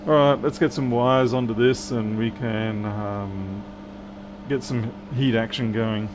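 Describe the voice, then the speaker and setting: A man's voice: fairly low pitch, fairly even intonation, slow pace, noisy background. Aussie man muttering through a repair. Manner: muttering banter to viewers while working. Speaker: electronics repair technician. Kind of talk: live-streamed repair chat.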